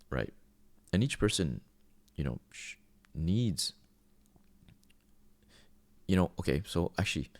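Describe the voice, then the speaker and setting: Very deep, gravelly-voiced man. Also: dry recording. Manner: earnest, with frequent restarts. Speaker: podcast host. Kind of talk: casual spoken monologue.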